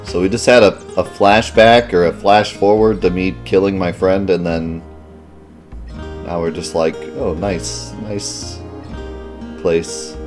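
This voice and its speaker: A man with a very low voice talks casually through a video game, half-muttering his asides as he reads menus. Faint background music plays underneath his commentary. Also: steady tone, normal speed. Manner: mumbly, muttering asides while reading menus. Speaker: let's play host.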